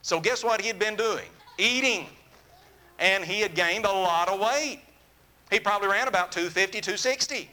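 A man preaching a sermon, telling a story in an earnest, animated way that drops to a soft, intimate tone. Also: sits high, normal speed.

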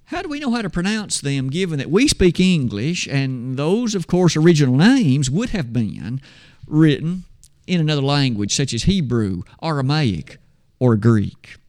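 A man teaching a Bible lesson from slides, explaining things in a measured way and speaking to his listeners as "you and I". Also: fairly high pitch, very animated, darkish tone.

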